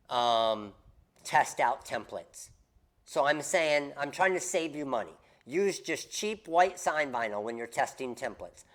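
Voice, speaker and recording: A man hosting a casual craft business livestream, coaching viewers in an animated, emphatic way and repeating his key points. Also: mid-range voice.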